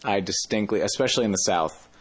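Low-voiced man telling a rambling story. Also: quick pace, breathy edge. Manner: rambling, self-correcting. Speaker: interview guest. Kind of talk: casual storytelling.

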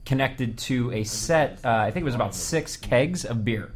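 A man's voice: medium pitch, animated, normal speed, a little hiss or hum. A man hosting a casual group podcast, telling a long story with lots of laughter and restarts. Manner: rambling storyteller, laughs often. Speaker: podcast host.

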